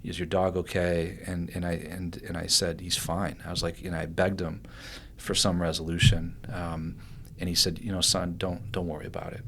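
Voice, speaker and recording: Low-voiced man telling a story, rambling. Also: normal speed, hardly any pauses, slight background noise. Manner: animated, rambling with restarts and fillers. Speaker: guest. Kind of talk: storytelling in a podcast interview.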